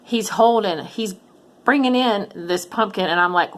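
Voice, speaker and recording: A middle-aged woman vlogging about her resale finds and telling a long story in a casual, animated way, with lots of ums and false starts. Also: fairly high pitch, normal speed. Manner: chatty, animated retelling with frequent ums and restarts. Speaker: reseller vlogger.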